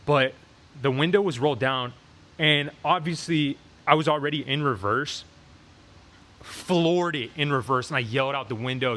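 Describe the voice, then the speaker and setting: Young male vlogger, middle-pitched, casual storytime delivery heavy on "like," lapel mic. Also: moderate pace. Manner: animated retelling with frequent fillers. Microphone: lapel mic on shirt.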